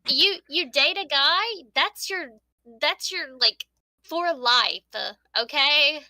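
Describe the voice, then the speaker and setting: A woman's voice: high voice, sharp tone, dry recording. A woman co-hosting a casual chat, joking and emphatic. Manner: joking, emphatic, drawn-out phrasing. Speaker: podcast co-host.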